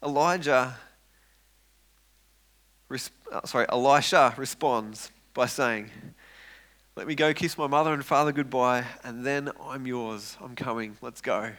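A man preaching a sermon, retelling a story with lively acted-out quotes and frequent repeated words. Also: mid-range voice, unhurried, long pauses. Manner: animated, acts out quoted voices, repeats words when excited.

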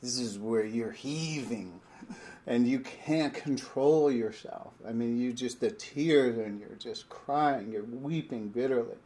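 A man's voice: medium pitch, slow pace, mellow. A middle-aged man preaching a sermon in a conversational way, reading scripture aloud and breaking off to explain it. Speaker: pastor.

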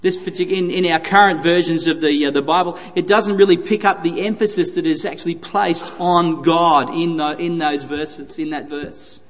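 High-voiced man preaching in a reverberant hall. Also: steady tone, moderate pace, few pauses. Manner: earnest, emphatic preaching with repeated phrases. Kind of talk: sermon.

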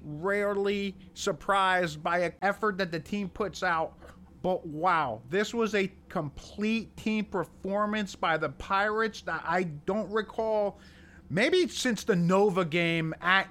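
A man with a notably high voice co-hosts a casual sports podcast. He teases his partner and talks through the games with eager, friendly banter. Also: slow, fairly bright tone. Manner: teasing, enthusiastic banter. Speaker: podcast co-host.

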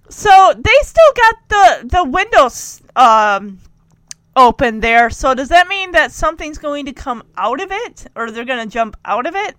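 A woman's voice: sits high, sing-song, measured pace, fairly bright tone, no echo. A woman chatting through a recap of a TV episode, laughing often and making teasing asides. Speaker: show recap host. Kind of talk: casual recap commentary.

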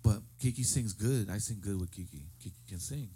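A musician in casual chat, voicing firm opinions and jumping into the talk. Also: male voice, fairly low pitch, fairly quick, mellow, a little hiss or hum.

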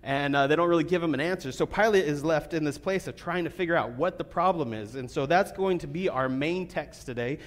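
A man giving a sermon as a pastor, talking casually with fillers and restarts, then reading scripture more quietly. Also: on the high side, a little fast, hardly any pauses. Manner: conversational preaching with fillers, reads scripture quietly.

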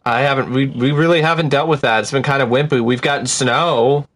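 A man's voice: mid-range voice, steady tone, a little fast, fairly bright tone. A man from Washington state co-hosting a casual chat, joking dryly with frequent hesitations. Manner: dry, joking, hesitant with fillers. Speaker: podcast co-host.

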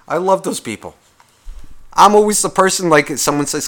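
Male host, comedic rant, fairly high voice, profane and sarcastic. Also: expressive, moderate pace, a bit bright. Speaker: podcast host.

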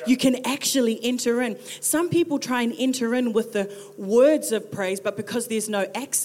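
A woman in her thirties with a New Zealand accent, preaching a lively, joking sermon as a pastor. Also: fairly high pitch, normal speed, few pauses. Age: 30s. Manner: lively and joking, with playful impressions.

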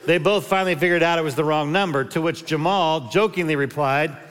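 A man's voice: a little high, a little fast, fairly bright tone, clear, resonant tone, big-room sound. A man in his fifties, a pastor giving a sermon and telling humorous personal stories. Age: 50s. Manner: humorous storytelling with personal anecdotes.

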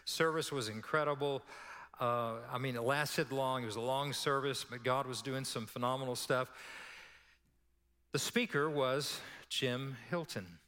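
A man, preaching a sermon as pastor and telling stories in an animated way. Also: medium pitch, unhurried, in a large hall. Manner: storytelling, animated, drops to a hush for quoted prayer.

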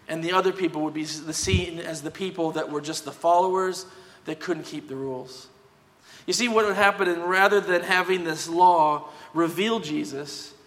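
A man delivers a sermon with a slightly higher voice than most men. He talks in a conversational but emphatic way and drives his points home. The sound rings with a long reverb, as in a large hall. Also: fairly bright tone. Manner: conversational, emphatic, tag questions. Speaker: pastor.

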